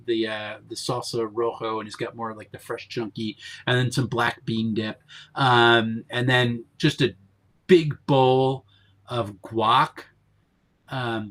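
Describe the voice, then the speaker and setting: A man's voice: medium pitch, fairly bright tone. A man from Pennsylvania running a tabletop game as game master, talking casually with lots of fillers and self-corrections.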